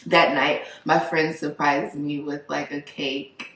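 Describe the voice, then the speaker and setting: A woman in her twenties hosting a casual chat with friends, telling stories in an animated way and quoting herself. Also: sits low, slow, distant mic. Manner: animated storyteller, quotes herself. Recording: echoey room, a little off-mic.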